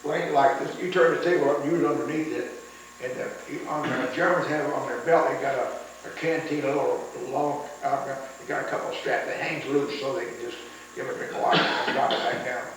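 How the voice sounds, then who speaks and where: A man's voice: mid-range voice, steady tone, brisk, a little hiss or hum. Older man, drawl, rambling storyteller, echoey room, distant mic. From United States. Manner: rambling storyteller, repeats words, acts out quotes. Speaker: veteran interviewee. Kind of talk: oral history recollection.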